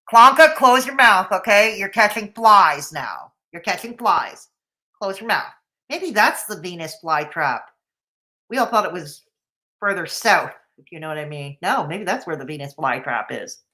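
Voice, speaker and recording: A woman's voice: lowish voice, sharp tone. A woman streaming a reaction, scolding and mocking the people in the clips in sarcastic commentary.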